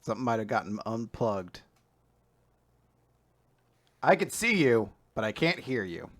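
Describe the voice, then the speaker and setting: Co-host, male, animated and laughing, bright and lively delivery. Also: on the low side, measured pace. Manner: animated, laughs often, bursts into mock British voices. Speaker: podcast co-host. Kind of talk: casual chat.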